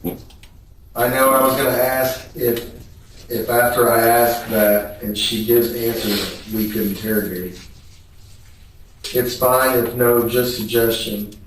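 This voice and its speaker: Man, witness reading texts aloud, monotone, unhurried, distant mic. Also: mid-range voice, slight background noise. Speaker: trial witness reading text messages. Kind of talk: reading messages aloud in court testimony. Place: courtroom. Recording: echoey room, voice picked up from a distance.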